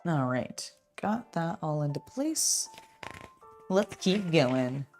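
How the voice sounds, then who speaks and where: A woman's voice: low-pitched, very animated, slow, darkish tone, faint music behind. A young adult woman in a casual building vlog, chatting in a rambling way with many fillers and talking to her cat. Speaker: LEGO builder and channel host.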